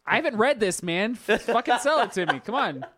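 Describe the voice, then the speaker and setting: A man's voice: sits high, sing-song, a little fast, fairly bright tone. A man co-hosting a podcast in casual chat, teasing and joking and swearing freely. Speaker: podcast co-host.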